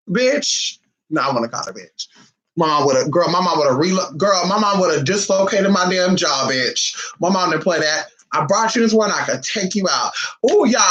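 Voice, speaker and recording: A man's voice: a little high, fairly bright tone, low-quality recording. A man vlogging casually, telling family stories in a sassy, flamboyant and profane way. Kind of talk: casual storytelling.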